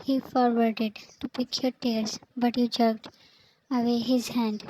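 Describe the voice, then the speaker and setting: A woman narrating a fanfic story, reading in a flat, even way and reading out the speaker tags. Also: fairly high pitch, measured pace, a little hiss or hum, poor audio.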